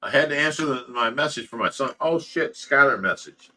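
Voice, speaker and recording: A man's voice: medium pitch, animated, fairly quick, pushed and bright. A middle-aged man hosting a casual livestream, laughing often and reading viewer comments aloud. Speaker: livestream host reading chat. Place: fish room at home.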